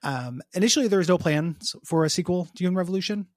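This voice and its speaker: A man's voice: sits high, expressive, fast talker, dry recording, studio quality. A man co-hosting a podcast in casual game review chat, rambling with many ums and restarts. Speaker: podcast co-host.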